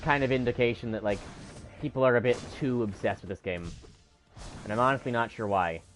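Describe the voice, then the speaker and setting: A man's voice: mid-range voice, brisk, soft background music. A male streamer giving live gameplay commentary, rambling and self-critical about his own mistakes.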